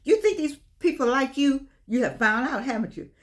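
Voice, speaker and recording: A woman's voice: sits high, animated, normal speed. An older woman, giving an impassioned, preachy vlog monologue and repeating phrases for stress. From United States. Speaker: vlogger.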